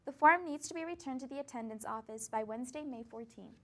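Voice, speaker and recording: A teenage girl anchoring a school news show with a high voice and an upbeat delivery. She introduces the segments and announcements in an eager tone. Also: fast talker. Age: teens.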